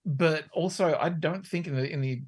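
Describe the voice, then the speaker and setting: A woman's voice: low-pitched, moderate pace, darkish tone, breathy edge. A woman co-hosting a podcast in casual chat, rambling, swearing freely and laughing often. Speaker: podcast co-host.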